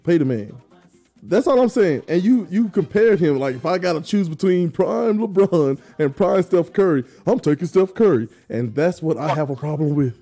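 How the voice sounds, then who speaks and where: A man's voice: on the high side, animated, moderate pace, warm tone, faint music behind. A male podcast host in a casual sports debate, teasing his co-host and reading viewer comments.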